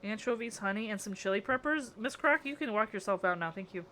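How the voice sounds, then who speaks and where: Fairly quick and pushed, her bright medium-pitched voice has lively intonation over slight background noise. She's a young woman on a livestream, building in a game and chatting casually with viewers, reacting to chat with playful exasperation and frequent laughter.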